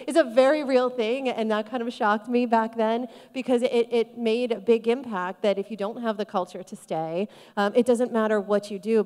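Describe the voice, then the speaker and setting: Woman, panel moderator, lively, joking, smooth voice, hall echo. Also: fairly high pitch. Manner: lively, quick to laugh and joke. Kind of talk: panel discussion. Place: conference hall. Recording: echoey conference hall.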